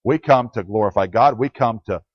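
Plain-spoken pastor in a conversational sermon. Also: male voice, fairly low pitch, brisk, breathy edge, no room sound. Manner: plain-spoken, asks the congregation questions and answers them. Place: church. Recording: dry, dull lo-fi sound.

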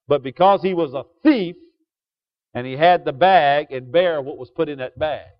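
A man preaching a sermon to a congregation, asking them questions and switching from loud emphasis to quiet asides. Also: high-pitched. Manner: call-and-response questions to the congregation. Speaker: pastor. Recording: dull lo-fi sound.

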